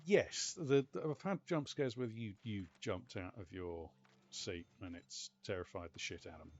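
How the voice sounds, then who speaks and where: A British man casually chatting and telling stories while playing a game, animated and exclamatory. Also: fairly low pitch, normal speed, highs cut off. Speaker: gaming channel host. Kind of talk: casual gameplay commentary.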